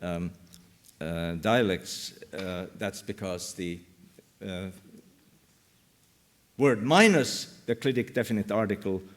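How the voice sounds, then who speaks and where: A man's voice: low-pitched, takes it slowly, long pauses. A man giving an academic conference talk on linguistics, hesitant and full of fillers as he thinks aloud. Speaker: linguistics lecturer. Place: university lecture room.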